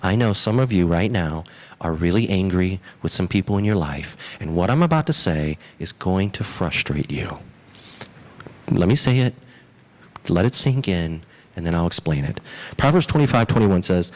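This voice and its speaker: A man from the southern United States preaching a sermon as a pastor, telling a story with animated emphasis. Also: low voice, moderate pace. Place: church.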